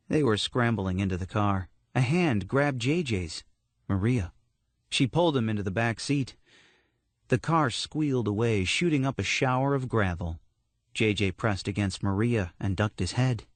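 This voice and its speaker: A man narrating a horror story audiobook in a steady, measured storytelling manner. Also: medium pitch, no echo.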